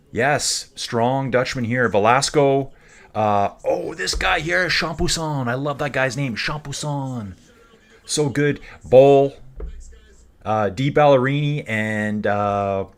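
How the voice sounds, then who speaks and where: A man hosting a live stream, talking casually with rambling, jokey asides. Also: medium pitch. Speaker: cycling stream host.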